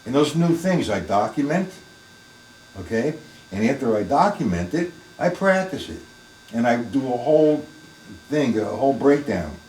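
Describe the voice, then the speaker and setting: A man's voice: medium pitch, very animated, normal speed, darkish tone, reverberant, distant mic, a little hiss or hum, poor audio. A man teaching a live online drum lesson, plain-spoken and emphatic, talking through the strokes as he plays them in his practice room.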